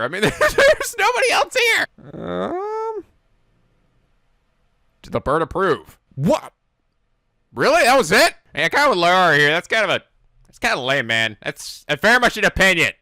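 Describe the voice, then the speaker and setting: High, lively male reaction host, bright voice, dry close mic. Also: no room sound. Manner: animated, laughs often, swears, exclaims. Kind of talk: casual reaction commentary.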